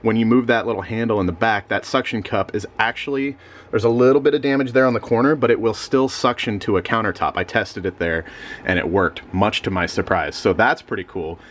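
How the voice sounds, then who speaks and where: Sleepy rambling young man. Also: brisk. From Missouri. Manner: rambling, filler-heavy, animated jumps in pitch. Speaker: eBay reseller vlogger. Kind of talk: casual chat.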